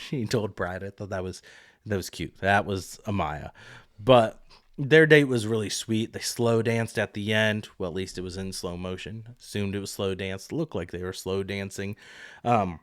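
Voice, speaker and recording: Chatty, low-voiced man recapping a show. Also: moderate pace, no echo, clean studio sound. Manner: chatty, opinionated, swears freely. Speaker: podcast host. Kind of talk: casual solo recap.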